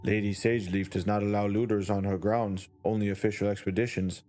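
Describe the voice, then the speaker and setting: A man reading the lines of a blunt female bugbear guard from a game in his own flat voice. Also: lowish voice, a little fast, lightly acted. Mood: matter-of-fact. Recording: faint background music.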